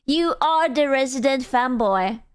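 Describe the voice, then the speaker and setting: Woman streamer, high and smooth voice, unhurried, blunt and teasing. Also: animated. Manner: blunt, self-deprecating, teasing. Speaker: streamer reacting to clips. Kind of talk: casual chat.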